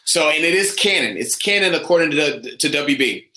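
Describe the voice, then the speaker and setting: A young man from the United States, co-hosting a casual fan chat with eager, animated talk. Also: a little high, a little fast, roomy sound, poor audio. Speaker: co-host.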